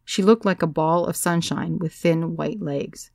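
A woman narrating a first-person story as an audiobook, in a measured, wry storytelling manner. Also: on the low side, gravelly, a little mellow, dry recording, clean studio sound.

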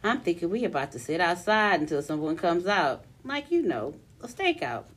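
A young woman co-hosting a casual podcast, reading a listener's long story aloud with animated delivery and frequent laughter. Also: fairly low pitch, normal speed.

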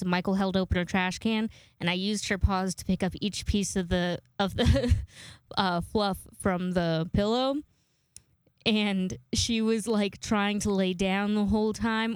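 A woman's voice: medium pitch, clear, resonant tone, no room sound. A woman in her twenties hosting a podcast into a microphone, chatting in a rambling way and swearing freely. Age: 20s. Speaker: podcast host. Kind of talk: casual podcast monologue.

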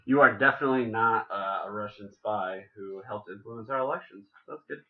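A man's voice: on the low side, fairly quick, narrow, tinny audio. A man hosting a casual podcast chat, rambling and joking with lots of fillers and restarts. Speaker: podcast host.

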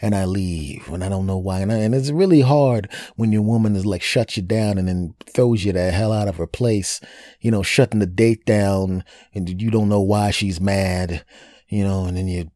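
A low, mellow-voiced man hosts a podcast and rambles through a personal dating story. He is animated and crude, throwing in jokes and scatted noises. The sound is dry and close. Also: moderate pace, no room sound. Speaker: podcast host. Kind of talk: casual storytelling monologue.

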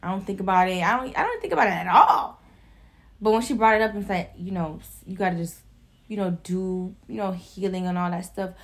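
A woman's voice: medium pitch, fairly quick. Young woman in casual chat, emotional and swears a lot, says like constantly. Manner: emotional, animated, swearing, lots of "like" fillers.

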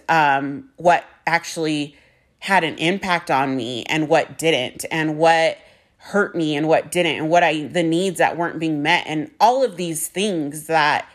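A middle-aged woman in a candid confessional monologue, talking frankly and casually, swearing freely and using lots of fillers. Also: low voice. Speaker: vlogger sharing a personal story.

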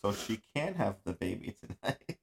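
A man hosts an easygoing podcast, rambling from one thought to the next. His voice is low and gravelly, and he swears freely and laughs a lot along the way. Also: big pitch swings, normal speed. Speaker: podcast host. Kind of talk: casual chat. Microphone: audio-only podcast recording.

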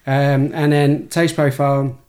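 A man's voice: medium pitch, level tone, measured pace, a little mellow. A man talking casually on a podcast, explaining wine and listing flavors at length as the expert of the group. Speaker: wine expert guiding a tasting.

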